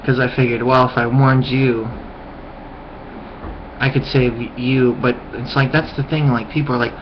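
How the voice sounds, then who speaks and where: A man's voice: flat delivery, moderate pace, long pauses, slight background noise. Young man rambling into a dull webcam. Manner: rambling, frequent "like" fillers; mocking high-pitched yelps when imitating friends. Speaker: vlogger. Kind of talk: casual webcam rant. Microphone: webcam mic.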